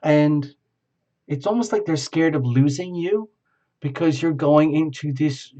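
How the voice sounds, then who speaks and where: A man's voice: on the high side, warm tone, lo-fi sound. Rambling man giving a tarot reading. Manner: rambling, halting, effusive. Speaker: tarot reader.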